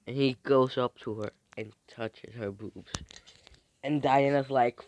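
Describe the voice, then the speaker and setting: Young male narrator, unhurried and rambling, improvising a fan story at home with quick character voices; middle-pitched. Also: steady tone, a little hiss or hum. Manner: rambling, halting, with many restarts and fillers.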